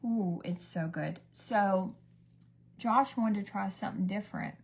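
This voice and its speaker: A woman's voice: medium pitch, a little slow, vocal fry, husky. A woman chatting casually on a livestream while doing her makeup, rambling from one story to the next and sometimes dropping to a whisper. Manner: rambling, chatty, drifts between stories. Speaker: beauty vlogger. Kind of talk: casual get-ready-with-me livestream chat.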